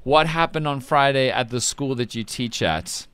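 A man's voice: mid-range voice, moderate pace, a bit bright, clean tone, dry recording. A man hosting a breakfast radio show, chatting playfully with bursts of mock drama. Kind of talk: lively radio chat.

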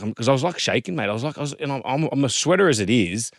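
Fast-talking Australian bloke telling a story. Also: male voice, mid-range voice, no echo, studio quality. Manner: animated, quotes others in lively put-on voices. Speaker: former rugby league player, guest. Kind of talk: casual storytelling chat.

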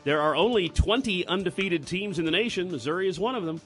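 A man's voice: high voice, animated, a bit bright, faint music behind. Dry-witted male radio sports reporter. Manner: dry, matter-of-fact quips; reads sports news briskly. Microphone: studio microphone.

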